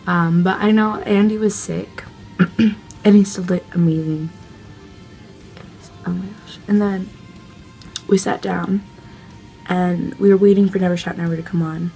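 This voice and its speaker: Gushing young woman with a gravelly edge. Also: on the low side, a little slow, long pauses, faint music behind. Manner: gushing, excitable, lots of fillers. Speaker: vlogger. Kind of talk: casual storytelling vlog.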